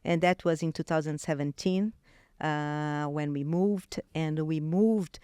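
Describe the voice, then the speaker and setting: A woman's voice: low voice, unhurried, clean tone, no echo, studio quality. Brazilian-accented woman telling a personal story. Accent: Brazilian Portuguese. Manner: animated, many restarts and fillers. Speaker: guest.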